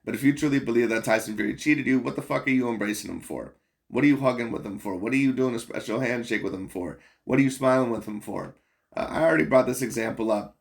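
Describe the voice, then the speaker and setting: A man's voice: mid-range voice, fast, vocal fry. A man hosting a boxing commentary channel, talking bluntly and profanely in a rambling, casual rant full of fillers.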